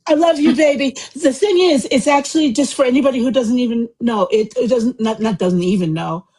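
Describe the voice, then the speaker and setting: Brief: woman host, husky voice, rambling warm chat, home mic. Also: on the high side, brisk, rough recording. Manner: chatty, rambling, warm and effusive. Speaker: host of a live book club discussion. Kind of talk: casual live group chat.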